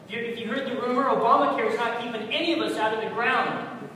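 A male pastor with a high voice preaches to his congregation, firing rhetorical questions and repeating key words for emphasis, loud one moment and hushed the next. He is heard from a distance in a large church hall with a long echo and a steady low rumble behind him. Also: fast. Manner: rhetorical questions, emphatic repetition, swings between loud and quiet. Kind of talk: sermon. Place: large echoey church sanctuary. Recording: echoey hall, distant mic, rumbling noise.

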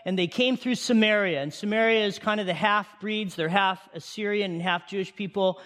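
High pitched guy pastor giving a sermon, lively, asks the crowd stuff, big echoey church. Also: normal speed. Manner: animated, asks the congregation questions. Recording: long hall reverb.

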